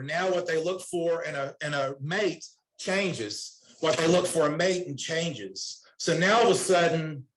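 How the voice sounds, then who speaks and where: Middle-aged male counselor, conference storyteller, a bit high-pitched, earnest and casual. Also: low-quality recording. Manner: casual and earnest, retells dialogue, repeats himself. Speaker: recovery counselor speaking at a summit. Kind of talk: conference talk, personal storytelling.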